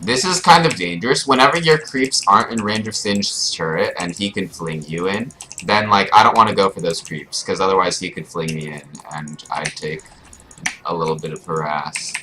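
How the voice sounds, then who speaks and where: A man's voice: low-pitched, moderate pace, sharp tone, a little hiss or hum, low-quality recording. A young man giving casual live commentary over his own gameplay as a streamer, explaining his choices with frequent fillers. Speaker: gaming streamer. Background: keyboard clicks and typing.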